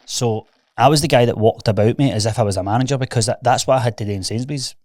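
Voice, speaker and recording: A man's voice: mid-range voice, quick pace, darkish tone, no echo. A young Scottish man, a fitness coach and podcast guest, telling candid stories in a casual chat and peppering them with "mate".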